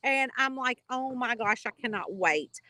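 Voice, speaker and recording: With no room sound behind her, a middle-aged Kentucky woman talks unhurriedly in a fairly high, bright, pushed voice. She's an author on a casual livestream, chattering and rambling cheerfully while reading viewer comments to her readers.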